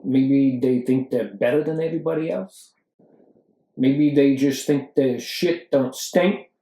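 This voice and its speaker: A woman playing a blustering middle-aged Brooklyn husband in a put-on New York accent, gruff and using broken grammar, in an improvised comedy sketch. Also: rumbling low, unhurried, dark tone. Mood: indignant. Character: brash Brooklyn tough-guy husband, middle-aged man. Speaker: podcast co-host in character. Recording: roomy echo.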